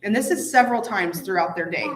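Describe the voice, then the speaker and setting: A woman hosting a casual Bible study chat, telling stories with lively asides. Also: medium pitch, fast talker. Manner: chatty storytelling, animated asides. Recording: echoey room, faint noise.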